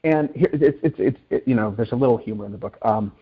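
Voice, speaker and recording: A man's voice: on the low side, steady tone, fast talker, slightly rough. A middle-aged man being interviewed as an author, telling stories animatedly with frequent restarts and repeated words. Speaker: guest author. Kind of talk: interview storytelling. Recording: dull lo-fi audio.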